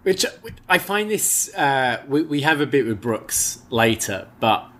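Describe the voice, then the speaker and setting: A man's voice: mid-range voice, sing-song, a little slow, a bit bright. A man co-hosting a casual wrestling review, chatting through his predictions and opinions in a hedging way. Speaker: wrestling show co-host.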